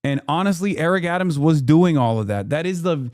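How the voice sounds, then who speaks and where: A man streaming casual, profane commentary, sarcastic and swinging loud and high when he mocks. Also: lively intonation, a little fast, no room sound, studio quality. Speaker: streamer reacting to clips.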